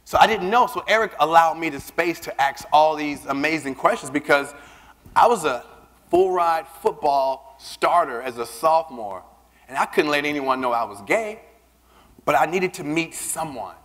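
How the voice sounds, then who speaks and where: A man giving a keynote speech, telling a personal story with lively, acted-out dialogue. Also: a little high, normal speed. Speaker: keynote speaker. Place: large conference hall. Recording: long reverb of a big hall.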